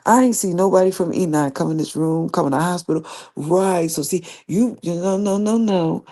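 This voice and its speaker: A woman's voice: fairly low pitch, normal speed, warm tone. A woman hosting a livestream, speaking straight to an absent opponent in a confrontational, rambling rant that repeats itself. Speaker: livestream host. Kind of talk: direct-address livestream rant.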